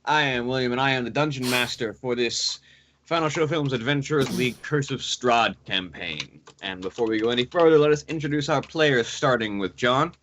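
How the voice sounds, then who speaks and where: A man running a tabletop game as dungeon master, recapping the story with hesitant pauses and fillers over an online call. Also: mid-range voice, fairly bright tone, a little hiss or hum.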